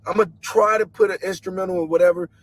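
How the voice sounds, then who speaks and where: A man earnestly telling a dramatic personal story, acting out booming noises as he goes. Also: very animated, quick pace, vocal fry, no echo, rough recording. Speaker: guest telling a personal testimony.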